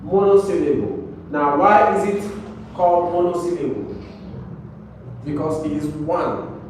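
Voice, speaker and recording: A man's voice: on the high side, measured pace, a little mellow. A man teaching an English class, repeating words and often checking with "right?". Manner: repetitive, checks understanding with "right?". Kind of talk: classroom lesson. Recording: very echoey room, mic far off, faint noise.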